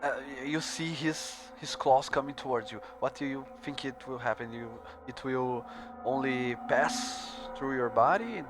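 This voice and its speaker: A man running a tabletop game as game master, narrating in a halting way with many fillers, with music playing behind. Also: mid-range voice. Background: background music.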